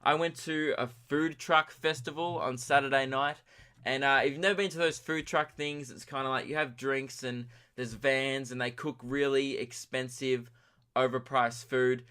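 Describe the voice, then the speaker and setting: Bright, tired young man rambling. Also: mid-range voice, steady tone, moderate pace, clean tone. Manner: rambling, self-deprecating, tangent-prone. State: tired from lack of sleep. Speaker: podcast host. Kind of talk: solo comedic rambling.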